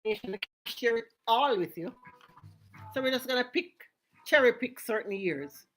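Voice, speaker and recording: A woman's voice: fairly high pitch, expressive, a little slow, a bit bright. A woman hosting a live radio show, chatty and enthusiastic as she greets listeners by name. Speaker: radio host. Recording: roomy, off-mic, music playing behind. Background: music.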